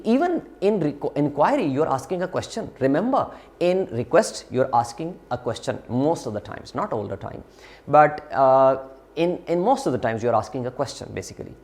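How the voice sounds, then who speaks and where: A man lecturing to a university class, explaining slowly with frequent fillers, restarts and repeated phrases. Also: medium pitch. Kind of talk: recorded lecture.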